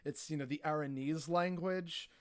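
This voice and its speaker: A man's voice: fairly high pitch, steady tone, normal speed, smooth. A man telling travel stories as a podcast guest, rambling casually and filling his talk with "like" and "you know". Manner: rambling, heavy on filler words like "like" and "you know".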